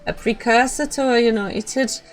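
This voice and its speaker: Woman doing a gruff game NPC, botched mock Scottish, raised and loud. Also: fairly high pitch, faint music behind, pitched above the performer's own voice, close to an everyday voice. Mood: pompous. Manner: loud, slow, deliberate line reading. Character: gruff male game character, brash and blustering. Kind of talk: reading game dialogue aloud.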